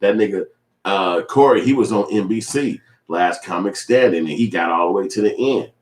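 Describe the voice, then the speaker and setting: A man's voice: deep voice, moderate pace. A man giving casual, profane, rambling commentary as a vlogger. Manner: profane, rambling, acts out other people's voices. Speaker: vlogger commenting on celebrity feud. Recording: roomy echo.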